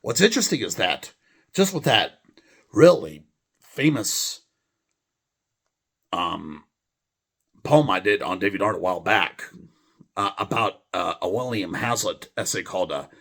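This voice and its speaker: A man rambling in a deadpan monologue, full of fillers and restarts. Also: low-pitched, measured pace, long pauses, breathy edge. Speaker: video host reading a poem.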